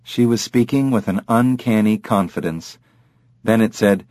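Brief: male audiobook narrator, lower voice, dry close recording, steady read. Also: normal speed, no echo. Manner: steady, even storytelling. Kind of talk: scripted narration.

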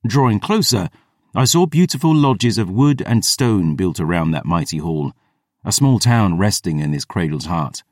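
A man reading first-person fantasy audiobook narration in a measured, descriptive manner, close to the mic. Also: low voice, animated, dry recording.

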